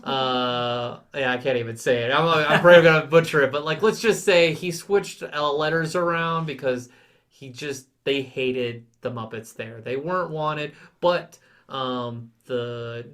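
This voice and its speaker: A man's voice: mid-range voice, measured pace, a bit bright. A man co-hosting a podcast, chatting in an easygoing, joking way with loose phrasing. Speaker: podcast co-host. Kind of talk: casual chat.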